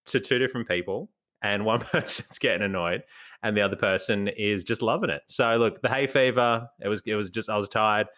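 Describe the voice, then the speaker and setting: A man with an Australian accent, co-hosting a casual podcast chat and telling stories with lots of laughter. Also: fairly low pitch. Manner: animated storyteller, laughs often, acts out voices. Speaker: podcast co-host.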